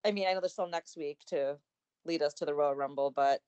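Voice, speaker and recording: A woman's voice: low-pitched, brisk, a little mellow, smooth, muffled recording. A woman co-hosting a casual wrestling podcast, hesitant and full of fillers. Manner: hesitant, filler-heavy, laughing asides. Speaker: podcast co-host.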